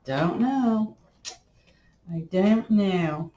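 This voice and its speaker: A woman's voice: mid-range voice, lively intonation, drawn-out words, dark tone, lo-fi sound, slight background noise. A middle-aged woman, chatting in a folksy, rambling way while she works on a craft project at home. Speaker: crafting vlogger. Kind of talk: casual chat while crafting. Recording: echoey room.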